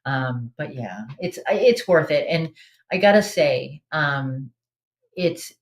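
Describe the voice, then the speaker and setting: A woman's voice: low-pitched, animated, slow pace. A woman hosting a live online trivia game in a casual, chatty way, reading out answer options and laughing often. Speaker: trivia host.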